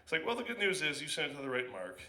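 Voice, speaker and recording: A man doing stand-up at an open mic in a small club, telling a long story in a rambling, halting way, with many restarts and fillers, and acting out his own panicked reactions. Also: on the high side, wildly swooping pitch, pushed and bright. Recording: echoey club room.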